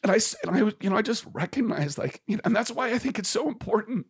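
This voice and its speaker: A man's voice: high-pitched, expressive, fast talker, slightly rough. A man talking as a podcast guest in a candid conversation, earnest and impassioned, restarting phrases as he searches for words.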